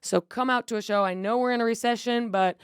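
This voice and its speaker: Chatty woman podcast host, smooth, dry sound. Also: on the high side, steady tone, quick pace, no room sound. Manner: chatty, swears freely, plugs her tour dates. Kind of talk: casual podcast chat.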